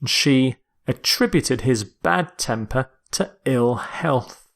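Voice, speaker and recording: A man delivers a recorded vocabulary lecture at a slow, measured pace. He explains each word carefully, sometimes stopping to correct himself. His voice sits in a middle pitch. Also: expressive, gravelly. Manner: slow, deliberate, with self-corrections. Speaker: English teacher.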